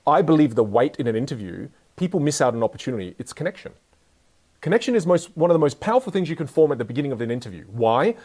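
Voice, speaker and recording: Young male speaker, energetic and joking, teaching communication to a live audience. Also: medium pitch. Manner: energetic, playful, jokes with the audience. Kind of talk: live motivational talk to an audience.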